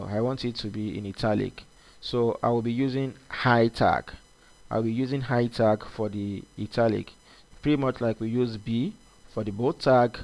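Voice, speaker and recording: A man's voice: on the low side, creaky. A man teaching a coding lesson at his computer, talking loosely with many fillers and restarts. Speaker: coding instructor. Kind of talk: screen-recorded coding tutorial.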